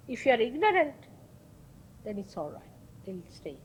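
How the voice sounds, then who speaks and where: A woman's voice: a little high, sing-song, moderate pace, long pauses, slight background noise, poor audio. A woman, a spiritual teacher, giving an informal talk, telling a story emphatically and acting out the voices of the people in it. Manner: storytelling, acts out quoted dialogue; emphatic, repeats key words.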